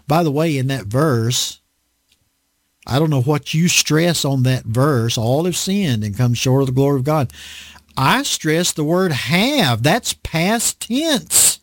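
A man's voice: mid-range voice, sing-song, slow, dry recording. A man preaching a conversational Bible sermon in a dry indoor room, self-deprecating and acting out voices as he teaches.

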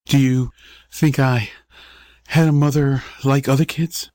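A man reading the part of a frail, dying young boy who speaks in soft, halting whispers. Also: mid-range voice, steady tone, no echo, clean studio sound, natural voice. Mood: weak, tender. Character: dying young boy, weak, brave, faintly cocky.

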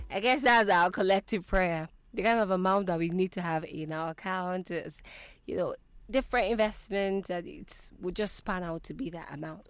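A woman's voice: mid-range voice, moderate pace, clean tone, faint music behind. A young Nigerian woman hosting a radio show, chatty and bubbly, repeating her greetings to listeners. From southeast Nigeria. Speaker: radio presenter. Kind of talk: lively radio show chat. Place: radio studio. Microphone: studio microphone.

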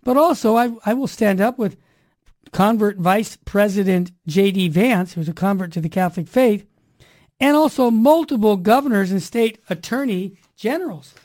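A woman hosting a Catholic talk show on the radio, with a middle-pitched voice and an energetic manner. She preaches to her listeners and leans on catchy rhyming slogans. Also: moderate pace.

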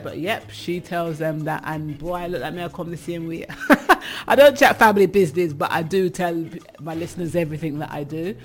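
A woman's voice: fairly low pitch, normal speed, soft background music. A woman with an English accent hosting a radio show, reading out items and chatting about them, often laughing. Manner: chatty, laughs often, comments on what she reads. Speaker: radio host. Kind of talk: casual radio chat, reading out news items.

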